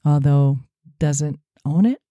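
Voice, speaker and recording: A woman's voice: sits low, slow, warm tone, no echo, lo-fi sound. A woman co-hosting a podcast, talking in a sarcastic, mocking way. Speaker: podcast co-host. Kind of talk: opinionated podcast chat.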